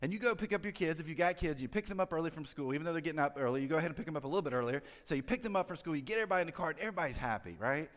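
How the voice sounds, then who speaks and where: A man's voice: a little high, expressive, very fast, few pauses, big-room sound. A pastor giving a conversational sermon, drawing his listeners in with friendly tag questions.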